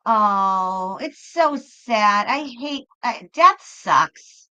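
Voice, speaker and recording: A woman's voice: mid-range voice, animated, drawn-out words, sharp tone, highs cut off. A woman who reads tarot, hosting a live stream and chatting in a rambling way, often breaking off and starting her sentences again. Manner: rambling, chatty, self-interrupting. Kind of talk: casual live-stream chat.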